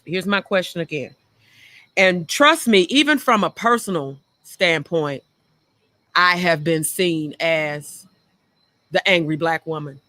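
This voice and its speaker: A woman's voice: lowish voice, takes it slowly, bright, forceful tone, no echo. A middle-aged woman hosting a talk show, speaking frankly and earnestly about her own past and repeating phrases for emphasis. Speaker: show host. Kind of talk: reflective personal talk.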